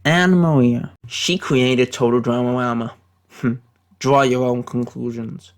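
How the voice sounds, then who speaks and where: Brief: British guy faking an American accent, gravelly, deadpan mock-serious ranking rants. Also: medium pitch, unhurried. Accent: put-on American accent. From Britain. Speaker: YouTube commentator. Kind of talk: satirical tier-list commentary.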